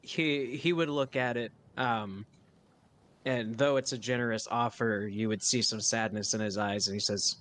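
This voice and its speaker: Halting casual man narrating his character. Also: mid-range voice, fairly even intonation, a bit bright. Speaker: player. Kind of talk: narrating a tabletop game character.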